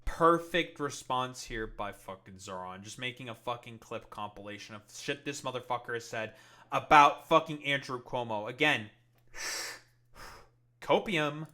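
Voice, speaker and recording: An irate male streamer reacting to political clips, cursing constantly and stumbling over fillers. His voice is bright and forceful, at an ordinary pitch for a man. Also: a little slow. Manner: angry, swearing, many fillers. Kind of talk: profane reaction commentary.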